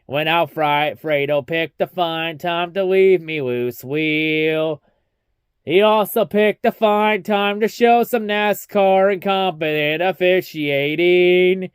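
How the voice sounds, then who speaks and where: Ranting high-voiced young man recapping races. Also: slow pace, smooth, dry recording, studio quality. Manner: ranting, heavy swearing, mocking. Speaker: racing recap vlogger. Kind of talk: casual profane race recap.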